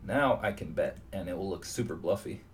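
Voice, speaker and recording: A man's voice: sits low, fairly quick. A man giving live commentary on his own online poker session, thinking aloud and muttering to himself at his computer. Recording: distant mic with steady background noise.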